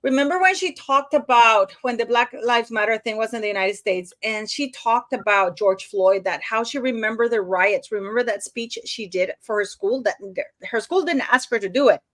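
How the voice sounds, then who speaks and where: A woman's voice: a little high, normal speed, few pauses, fairly bright tone, dry recording, studio quality. A woman hosting a casual live stream over a video call, chatty and repetitive, fumbling with her screen-sharing as she talks. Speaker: livestream host.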